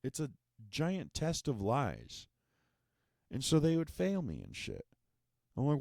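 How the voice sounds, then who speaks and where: A man's voice: mid-range voice, huge pitch swings, measured pace, vocal fry, pauses often, mellow, no room sound, studio quality. A man hosting a podcast, telling a sarcastic, profane and exasperated comedic monologue. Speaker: podcast host.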